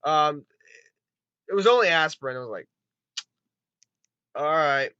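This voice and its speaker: A man giving a rambling, excitable spoken movie review, swearing often and retelling scenes with quick put-on voices. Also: a little high, clear, resonant tone, no echo, dull audio. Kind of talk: casual spoken film review.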